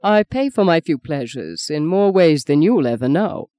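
A woman's voice: deep voice, animated, moderate pace, mellow, no room sound. Woman doing a mild, dry-witted older man.

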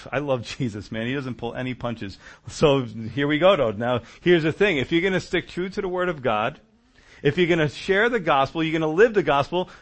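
A man preaching a sermon, telling stories in a conversational, animated way. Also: fairly high pitch, moderate pace.

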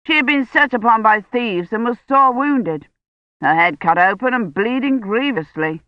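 A woman's voice: fairly high pitch, lively intonation, moderate pace, no room sound, highs cut off, voice pushed up, lightly acted. A woman voicing a boastful young male knight who tells his tale in a grand, declaiming tone.

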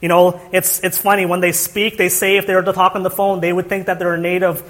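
A man's voice: high-pitched, little pitch movement, quick pace, a bit bright, long reverb tail. A young man preaching a sermon, earnest, with rhetorical questions and frequent restarts. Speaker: pastor.

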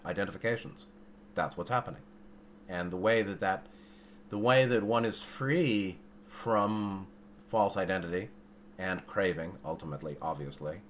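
Low-voiced man musing through a dharma talk. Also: fairly bright tone, a little hiss or hum. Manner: musing, searching for words, with dry humor and blunt asides. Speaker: dharma teacher.

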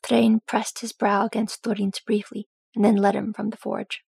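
A woman reading a fan fiction audiobook in a steady, even storytelling manner. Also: mid-range voice, moderate pace, creaky, breathy edge, no echo. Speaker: audiobook reader.

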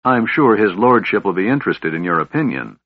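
A man's voice: on the low side, lively intonation, brisk, muffled recording. A man voicing a harsh, bullying reptilian soldier who snarls his orders. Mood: snarling.

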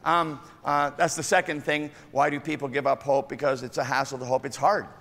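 Animated preacher man with gravelly voice. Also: medium pitch, brisk, in a large hall. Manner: animated, acts out voices of others, swings from loud to hushed. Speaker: pastor. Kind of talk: sermon.

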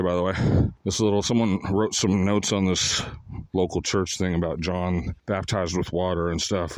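A man's voice: on the low side, dry recording. A homeless man telling rambling stories in a casual, profane monologue that often wanders and restarts.

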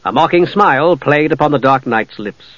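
A man narrating a fantasy audiobook in a measured, even storytelling voice. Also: fairly high pitch, dry recording. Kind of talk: scripted narration. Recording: dull lo-fi dry audio.

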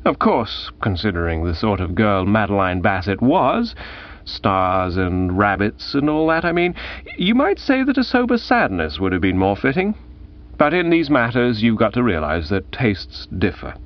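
Lively, arch male audiobook narrator. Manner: lively, arch storytelling with wide pitch swings. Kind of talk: first-person comic novel reading. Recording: dull lo-fi audiobook recording.

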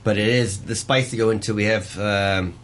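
A man's voice: on the low side, steady tone, moderate pace, slight background noise. A man chatting as a guest, talking through how he cooks with lots of restarts. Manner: enthusiastic, talks through recipes with many restarts. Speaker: pie shop owner guest. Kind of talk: casual chat.

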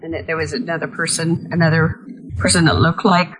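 A woman's voice: deep voice, steady tone, fairly quick, fairly bright tone, slight background noise, poor audio. A woman in a casual chat, plainspoken and questioning.

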